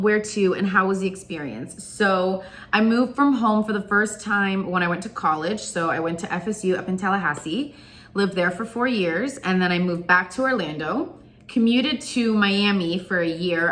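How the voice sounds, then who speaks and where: A young woman from Florida, a singer, chatting to camera and telling childhood stories in an animated way, laughing often. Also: mid-range voice, moderate pace. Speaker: singer and vlogger. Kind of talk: chatty storytelling.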